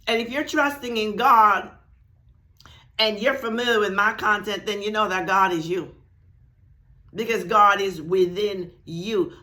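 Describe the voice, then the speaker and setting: A woman hosting a spiritual talk, speaking slowly and emphatically, repeating key phrases and checking in with viewers. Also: mid-range voice, sharp tone. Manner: addresses viewers directly with "right?" and "y'all". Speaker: spiritual channel host. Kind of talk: teaching talk to camera.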